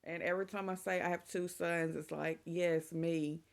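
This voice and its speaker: A woman's voice: on the low side, steady tone, normal speed, gravelly. A middle-aged woman, chatting casually and emotionally to her vlog audience. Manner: chatty and emotional, saying y'all. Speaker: vlogger. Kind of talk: casual chat to camera.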